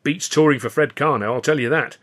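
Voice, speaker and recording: A man reading the lines of a friendly, long-suffering old company manager in a storybook, brisk and chummy. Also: medium pitch, a bit bright, pitched above the performer's own voice, lightly acted. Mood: cheerful. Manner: brisk and chummy, sighing at the boss.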